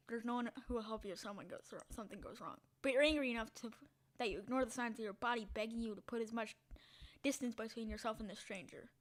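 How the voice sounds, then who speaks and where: Reading a text game's story out loud with dramatic flair, this woman streamer has a slightly bright, higher-pitched voice. She breaks off now and then for quick asides and sometimes drops to a whisper.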